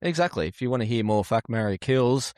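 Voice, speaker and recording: A man's voice: mid-range voice, expressive, brisk, darkish tone, dry recording, studio quality. A man, co-hosting a podcast with teasing, jokey banter. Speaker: podcast co-host.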